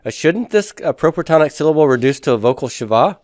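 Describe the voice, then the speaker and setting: A man's voice: fairly high pitch, lively intonation, fast talker, a little mellow, dry recording. A man teaching a recorded review lesson, patiently asking questions and answering them himself.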